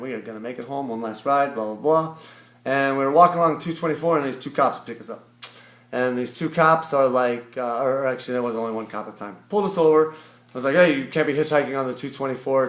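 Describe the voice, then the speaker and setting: In a rambling vlog monologue, a man from Ohio, USA, casually recaps a long trip, leaning on fillers and quoting people as he tells it. His middle-pitched voice is a bit bright, and the room adds a noticeable echo.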